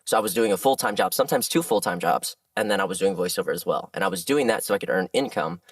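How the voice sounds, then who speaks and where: A man who works as a voice actor, chatting as a guest in a casual podcast interview and telling animated stories with frequent laughs. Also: low voice, fast talker, dry recording, recorded from a distance.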